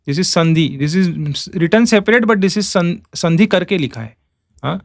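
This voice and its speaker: A man teaching a class, explaining step by step and chanting verses slowly in meter. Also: sits high, animated, dry recording, studio quality. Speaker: Sanskrit teacher. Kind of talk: online class lecture.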